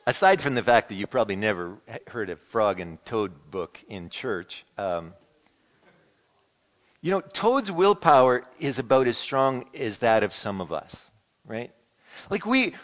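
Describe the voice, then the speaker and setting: Male pastor, lively earnest preaching, echoing church sanctuary, muffled sound. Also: mid-range voice. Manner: conversational, earnest preaching with quick scripture citations. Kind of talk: sermon. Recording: muffled sound in a reverberant hall.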